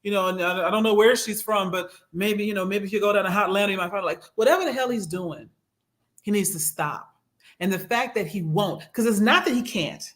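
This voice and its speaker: A man co-hosting a casual political chat show, animated and jokey, with gasps thrown in for effect. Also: high voice, a little fast. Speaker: podcast co-host.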